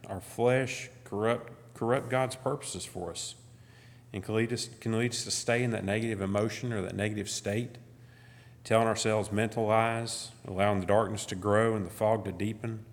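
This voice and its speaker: A middle-aged man giving a conversational sermon as guest speaker, full of "you know" and restarts. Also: lowish voice. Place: church. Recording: long church hall reverb.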